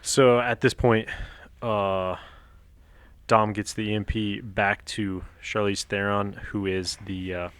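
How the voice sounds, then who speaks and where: Podcast guy with a low voice, slow and easy, drops in wry one-liners and chuckles. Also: level tone, a bit bright, clean tone. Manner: short wry interjections, chuckles along. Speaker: podcast co-host. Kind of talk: casual movie chat.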